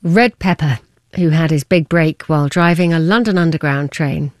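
A woman radio presenter reading a scripted news feature in a measured way. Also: deep voice, a little mellow, no room sound, studio quality. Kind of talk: scripted narration.

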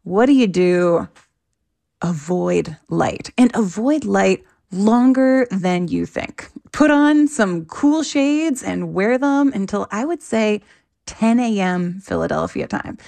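A woman's voice: mid-range voice, animated, slow, gravelly, darkish tone. A woman researcher giving interview answers, explaining in an enthusiastic, plain-spoken way. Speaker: researcher guest.

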